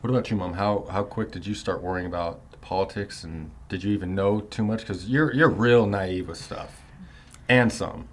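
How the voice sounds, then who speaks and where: A man's voice: low voice, normal speed. A man in his thirties telling a long story in a casual, rambling way, full of swearing and "you know"s. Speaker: son recounting his prison years.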